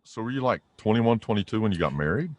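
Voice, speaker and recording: A man's voice: fairly low pitch, expressive, fast. A man interviewing a fellow singer, asking short questions with hesitations. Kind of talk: casual interview.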